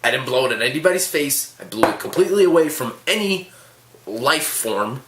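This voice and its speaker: A man who tells stories to the camera casually, with animated, sarcastic asides. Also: mid-range voice, a little fast, a little hiss or hum. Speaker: vlogger. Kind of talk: casual storytelling. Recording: echoey room.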